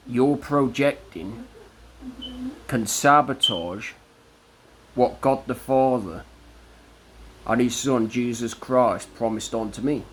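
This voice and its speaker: A man speaks at a slow, measured crawl, leaning hard on single words as he rants defiantly about faith and the people he calls his enemies. His voice sits at an ordinary middle pitch, and a faint hum of room ambience runs behind him. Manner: slow, deliberate, combative, drawn-out emphasis. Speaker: vlogger. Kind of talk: defiant religious rant to camera.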